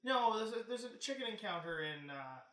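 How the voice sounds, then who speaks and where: A man's voice: high-pitched, brisk. Guy guest ranting about plot holes, kinda far from the mic, echoey room. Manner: nitpicking, animated, swears casually. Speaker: podcast guest. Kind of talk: casual chat about films.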